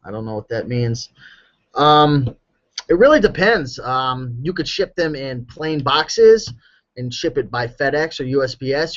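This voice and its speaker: A man chatting casually on a live stream, answering viewer questions about reselling clothes, relaxed and full of ums, a bit hoarse. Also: mid-range voice, highs cut off. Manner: relaxed, chatty, with many ums and you-knows. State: slightly hoarse.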